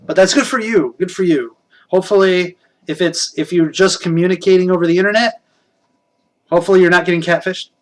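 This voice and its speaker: A man's voice: high voice, a little fast. Rambling man chatting on stream. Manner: rambling, chuckles often, talks to chat. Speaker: live streamer host. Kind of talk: casual live stream chat, reading viewer comments.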